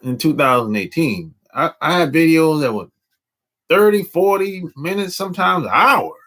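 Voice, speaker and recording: Slangy, animated man talking live. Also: on the high side, normal speed. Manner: slangy, drawling, animated, repeats himself. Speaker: dating coach hosting a live stream. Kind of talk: casual live-stream talk.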